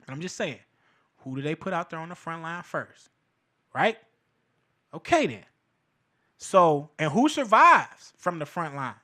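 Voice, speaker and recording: A man's voice: on the high side, sing-song, measured pace, pauses often, pushed and bright. A man hosting a show, delivering a casual, profane commentary monologue and laughing between his points. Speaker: show host.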